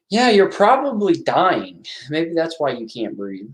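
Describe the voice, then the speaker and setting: Lively man chatting through a movie. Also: on the high side, unhurried. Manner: chatty, reacting aloud to the film as he watches. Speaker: horror movie commentator. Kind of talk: casual watch-along commentary.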